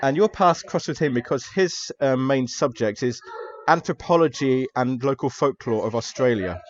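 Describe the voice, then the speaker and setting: A man's voice: mid-range voice, moderate pace. A man narrates a tabletop horror game in an easygoing, casual manner with a middling voice. The recording sounds a little dull and lo-fi. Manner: relaxed, casual narration with fillers. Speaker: game master. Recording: slightly dull lo-fi audio.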